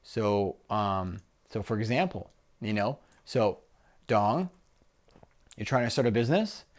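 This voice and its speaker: A man co-hosting a casual business chat, talking conversationally and pitching a one-on-one call. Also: measured pace. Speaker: business coach co-host.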